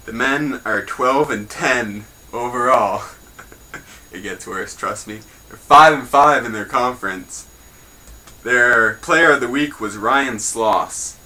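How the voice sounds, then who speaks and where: Young male host, bright tone, offhand crude jokes, casual mock newscast. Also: medium pitch, poor audio. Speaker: host of a homemade news show.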